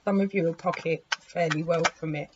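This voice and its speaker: Hoarse woman reading tarot. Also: deep voice, fairly even intonation, brisk. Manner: chatty, swears lightly, talks to her cards. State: sore, hoarse throat. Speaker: tarot reader. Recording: muffled recording with clear background noise.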